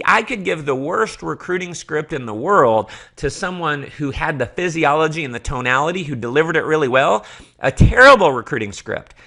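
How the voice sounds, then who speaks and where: Bright, gravelly-voiced man giving a fired-up training talk. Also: fairly high pitch. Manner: passionate, emphatic, repeats key phrases. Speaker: network marketing trainer.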